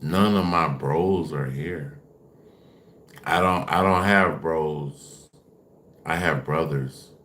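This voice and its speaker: A man's voice: very deep voice, slow pace, pauses often, fairly bright tone. A man on a casual livestream, taunting and dismissing his chat while repeating himself.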